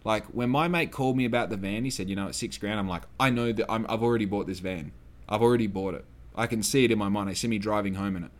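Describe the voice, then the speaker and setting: A young Australian man hosting a solo podcast, telling a long story in a loose, swearing, animated way and acting out the people he quotes. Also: on the low side, fast talker. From Western Australia. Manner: swears freely, acts out quoted people, gets loud when excited. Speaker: podcast host.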